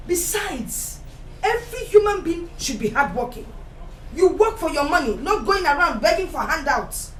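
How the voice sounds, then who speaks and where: A woman's voice: sits high, a bit bright, recorded from a distance, a little hiss or hum. A woman with a Nigerian accent playing a worried mother who lectures her child. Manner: lecturing, indignant. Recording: echoey room, voice from afar.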